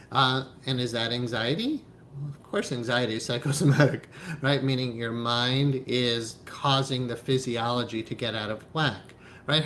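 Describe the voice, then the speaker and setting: A man at a middle pitch teaches hypnotherapy in an emphatic, animated way. He keeps checking in with his listeners and laughs often. A faint low rumble runs underneath his voice. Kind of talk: spiritual teaching talk.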